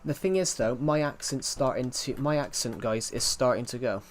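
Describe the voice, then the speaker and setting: A man's voice: mid-range voice, normal speed, slight background noise. Young guy on a game stream, chatty, keeps restarting his sentences, reads out chat. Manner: rambling, self-correcting, answers chat questions. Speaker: gaming livestreamer. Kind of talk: casual livestream chat, reading chat.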